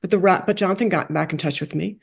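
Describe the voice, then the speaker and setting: A woman being interviewed, telling a story in a lively way that acts out quoted dialogue with big jumps in pitch and drops into soft, quiet asides. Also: fast talker, vocal fry, husky. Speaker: guest, coach for rabbis and playwright.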